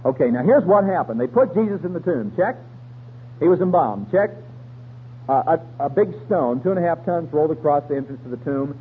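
High-voiced man, folksy slangy radio preacher; tinny broadcast, faint hum. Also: lively intonation, a little fast. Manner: folksy, colloquial storytelling with slang. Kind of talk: radio sermon.

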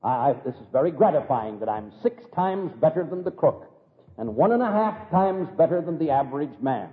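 A man's voice: fairly high pitch, big pitch swings, normal speed. A man preacher voicing a proud, pompous professor of ethics who is pleased with his own goodness. It is heard through an echoey hall on a tinny recording. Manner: pompous, throat-clearing, self-congratulating. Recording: echoey hall over tinny phone-like line.

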